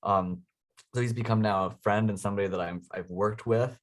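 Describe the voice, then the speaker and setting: A man's voice: lowish voice, fairly even intonation, fairly quick. Enthusiastic man telling stories. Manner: enthusiastic, laughs often, frequent um and uh. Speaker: interview guest, inventor. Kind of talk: casual storytelling.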